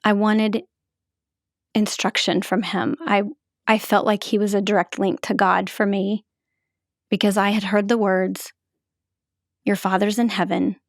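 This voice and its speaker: Middle-aged woman telling her own story, flat even voice, halting, dry close sound. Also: mid-range voice, dry recording. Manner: measured, halting, emotional. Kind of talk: reflective personal storytelling.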